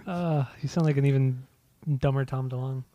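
A man's voice: mid-range voice, steady tone, moderate pace, mellow, dry recording. A young man co-hosting a casual podcast chat, dry and teasing, moving the show along. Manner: dry teasing, runs the segments. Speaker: podcast co-host.

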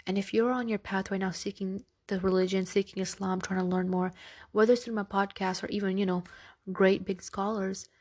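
A woman's voice: mid-range voice, flat delivery, a little fast, a little mellow. A woman hosting a podcast, talking in a casual, earnest and reassuring way that often checks in with "right?". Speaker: podcast host. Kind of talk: casual religious podcast talk.

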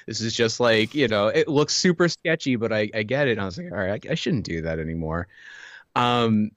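Animated man in casual chat. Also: lowish voice, fairly quick, dry recording. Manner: animated storytelling with filler words and laughs.

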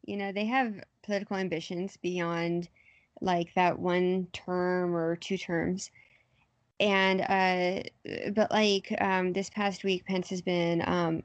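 A woman's voice: on the low side, no echo, highs cut off. A young woman talking politics casually in a hesitant, wry way, with many fillers.

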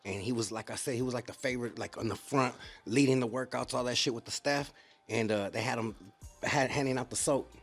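A quick-talking host, full of street slang and lively storytelling. His speech runs fast, and faint music sits under the voice. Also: mid-range voice. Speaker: podcast host. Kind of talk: casual interview chat.

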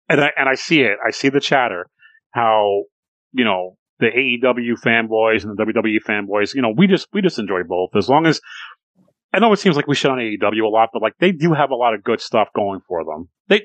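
A man's voice: medium pitch, animated, fairly quick, no room sound, poor audio. A man co-hosting a podcast, chatting casually about pro wrestling, rambling with restarts and swearing freely. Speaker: podcast co-host.

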